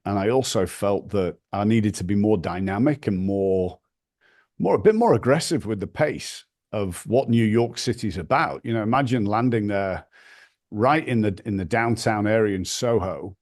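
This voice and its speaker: Northern english guy, low voice, telling stories with a bit of swearing, acts out what people said. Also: normal speed. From north of England. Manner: animated anecdotes, acts out quoted voices, swears casually. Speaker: podcast guest, brand founder. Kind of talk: storytelling interview.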